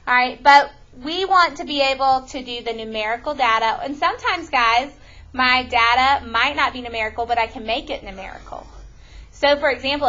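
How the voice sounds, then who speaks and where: A woman teaching a math lesson to a classroom, animated and often questioning her students. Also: high voice, dull audio.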